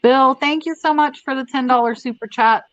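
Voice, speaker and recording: A woman's voice: sits high, normal speed, fairly bright tone, no room sound, muffled recording. A woman hosting a casual live stream, rambling chattily and reading out viewer comments. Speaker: livestream host.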